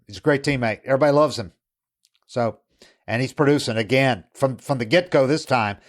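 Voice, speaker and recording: A man's voice: medium pitch, brisk. A man hosts a baseball podcast in a loose, conversational way. His voice sits in the middle of the range for a man. He often restarts his sentences and mixes in quotes from players. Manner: rambling, with frequent restarts and quoted asides. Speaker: podcast host. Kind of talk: casual sports talk.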